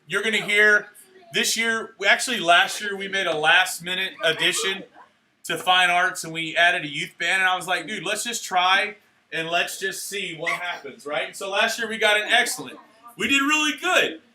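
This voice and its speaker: A young man emceeing a church awards night, handing out certificates in an energetic, playful way, cheering and joking with the crowd. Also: sits high, moderate pace, slight background noise. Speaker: youth pastor handing out awards. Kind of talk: live church event emcee. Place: church hall at a live event.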